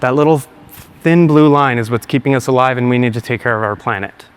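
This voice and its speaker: Getting choked up as he earnestly tells a story, this man delivers a keynote to a live audience in a large hall. His mid-range voice moves a little fast, and the recording is clean.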